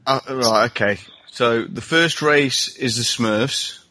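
A man's voice: medium pitch, slow, sharp tone. A man in casual podcast chat who jokes and hesitates over quiz answers. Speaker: podcast co-host, quiz contestant.

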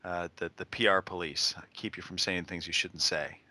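Guy co-hosting a podcast, bright low-ish voice, teasing, dry sound. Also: steady tone, fairly quick. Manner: playful, teasing interjections. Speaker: podcast co-host. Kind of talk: casual podcast chat.

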